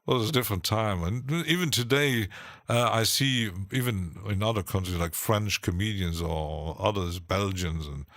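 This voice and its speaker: A man hosting a live stream, chatting casually in a rambling, halting way with frequent restarts and short laughs, from his home studio. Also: on the low side, a bit bright, no echo.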